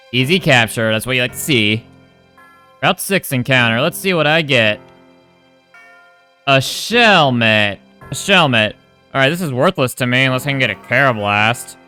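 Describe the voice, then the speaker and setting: A man casually commenting on his own video game run, wry and quick to swear. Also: medium pitch, sharp tone. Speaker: gaming YouTuber.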